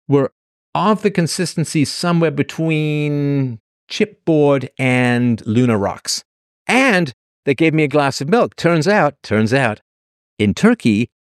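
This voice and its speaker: A man's voice: medium pitch, no room sound, clean studio sound. Sardonic man telling comic rants. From England. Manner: sardonic, exaggerated rambling rants. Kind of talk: comic storytelling monologue.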